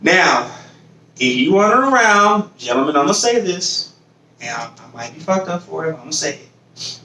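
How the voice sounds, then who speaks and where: A man's voice: a little high, very animated, normal speed, bright, forceful tone, roomy sound, recorded from a distance, rough recording. A man hosting a podcast in casual chat, swearing freely, acting out other people's voices and laughing often. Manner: swears freely, repeats phrases while building a point. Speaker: podcast host.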